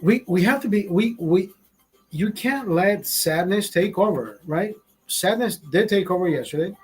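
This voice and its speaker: A man's voice: sits high, animated, unhurried, husky. A man talking to his stream in a rambling, emotional monologue, swearing often and talking to himself. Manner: rambling, heavy swearing, self-talk.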